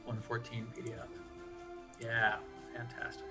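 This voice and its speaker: A man acting as game master of a tabletop game, upbeat and quick with affirmations. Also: mid-range voice, monotone, music in the background.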